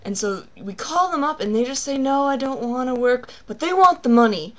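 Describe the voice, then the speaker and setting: A woman's voice: sits high, expressive, a little fast, fairly bright tone, voice pushed up. A woman voicing an irritable, flustered middle-aged female store cashier who rants and complains in an exasperated way. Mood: frazzled ranting.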